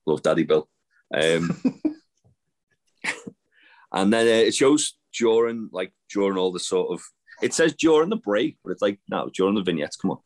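A man's voice: fairly low pitch, big pitch swings, unhurried, long pauses. A man co-hosting a casual podcast, rambling with lots of fillers and restarts. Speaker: podcast co-host. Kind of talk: casual wrestling chat.

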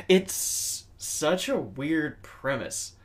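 A man co-hosting a podcast in casual chat, halting often, restarting sentences and swearing offhandedly. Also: on the high side, lively intonation. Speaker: podcast co-host.

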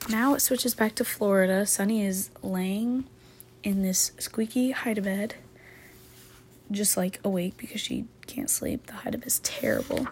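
Woman hosting a casual book chat, filler-heavy retelling, mid-pitched with vocal fry. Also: mellow, a little hiss or hum. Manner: chatty, filler-heavy, says "like" constantly. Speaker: book talk host.

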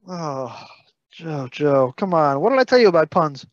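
A man's voice: sits high, sing-song, moderate pace, no room sound, lo-fi sound. Brooklyn man in fact-heavy podcast chat. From Brooklyn, New York. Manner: detailed, fact-heavy, playfully scolding. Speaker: podcast co-host.

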